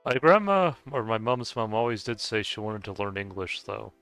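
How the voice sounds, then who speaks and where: A man's voice: fairly low pitch, very animated, normal speed, a bit bright, clean tone, no echo, soft background music. A man chatting casually while he plays a game, hesitant, with many filler sounds and restarts. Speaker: gaming video host.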